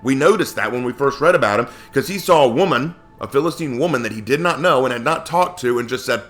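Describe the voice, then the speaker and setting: A man's voice: mid-range voice, expressive, fast talker, few pauses, a bit bright. Man, Bible teacher, casual talk, rhetorical questions, faint music underneath. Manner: conversational, asks many rhetorical questions.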